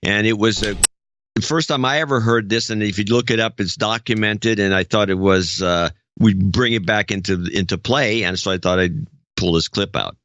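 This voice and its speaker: Low-voiced rambling male podcast host. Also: fairly bright tone. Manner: rambling, halting, with many restarts. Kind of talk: casual chat. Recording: dull, dry podcast audio.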